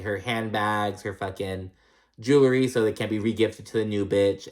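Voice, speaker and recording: A young adult man recapping a reality TV episode in casual chat, swearing freely, laughing often and acting out the cast's lines. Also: on the low side. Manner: profane, chatty, laughs often, acts out quotes.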